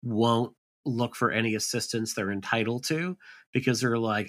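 A man's voice: medium pitch, moderate pace, a bit bright. A man co-hosting a podcast, chatting casually about a film and rambling with lots of filler words. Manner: rambling, lots of "like" and "you know". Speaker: podcast co-host.

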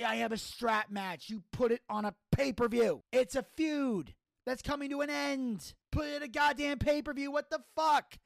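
A man's voice: very high voice, steady tone, moderate pace, gravelly, no echo, clean studio sound. A man hosting a wrestling recap podcast, talking casually, swearing a lot and ranting heatedly. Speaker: podcast host.

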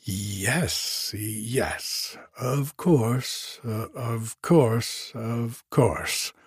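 Man voicing an evasive innkeeper, drawn-out hesitant phrases, husky low voice, a storybook reading. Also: no room sound, studio quality, exaggerated voice. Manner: slow, hesitant and repetitive. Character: hunted, evasive male innkeeper, drawling slowly.

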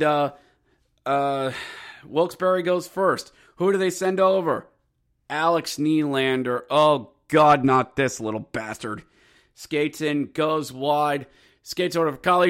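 Excitable man calling hockey highlights. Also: a little slow. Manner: erupts into shouted goal calls, jokey asides. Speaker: hockey podcast host recapping games. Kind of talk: excited play-by-play recap. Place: jockey wagon.

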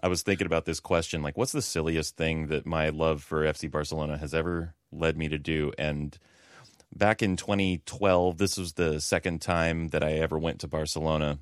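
A man hosting a casual sports podcast, telling a relaxed, reflective story. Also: a bass voice, moderate pace, clean tone, dry recording, studio quality. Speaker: podcast host. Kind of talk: casual chat.

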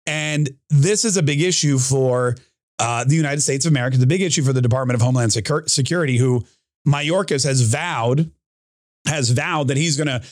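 A man's voice: a little high, dry recording, studio quality. Rambling, boastful male podcast host. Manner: rambling, boastful, self-correcting, animated asides. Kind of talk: solo political podcast monologue.

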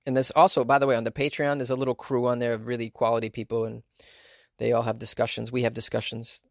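A male podcast host talks in a loose, rambling way, stopping and restarting his sentences. His voice sits at an ordinary middle pitch. The recording is dry and close, with no room sound. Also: level tone, fast, gravelly, no echo. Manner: rambling, with many fillers and restarts. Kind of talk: casual monologue.

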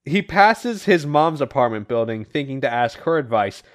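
A man co-hosting a podcast, casually retelling comic book issues with animated voiced quotes and the odd swear. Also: medium pitch, moderate pace. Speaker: podcast co-host recapping comics. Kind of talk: casual comic recap chat.

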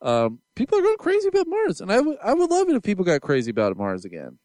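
A man's voice: high-pitched, huge pitch swings, fast, a little mellow, no room sound. A man co-hosting a podcast, chatting enthusiastically and rambling with plenty of fillers and restarts. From Seattle area. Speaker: podcast co-host. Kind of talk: casual podcast chat.

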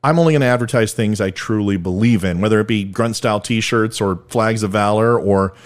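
A man's voice: fairly low pitch, fairly quick. A middle-aged man hosting a podcast, delivering comedic political commentary in an irreverent, self-deprecating, joking manner. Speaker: podcast host.

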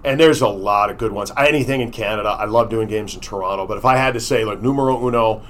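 A man who works as a hockey broadcaster, telling stories in a casual interview, chatty and quick to laugh. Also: lowish voice, fairly bright tone, a little hiss or hum.

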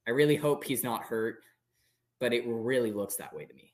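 A man at an average pitch co-hosts a casual sports podcast. He talks in a hesitant way, restarting his sentences as he makes his points. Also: moderate pace. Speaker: podcast co-host.

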